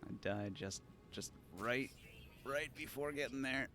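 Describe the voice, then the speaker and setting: A man's voice: mid-range voice, unhurried, bright, forceful tone, a little hiss or hum. A man with a Pacific Northwest accent giving sardonic live commentary as he plays a game, swearing often. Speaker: game streamer.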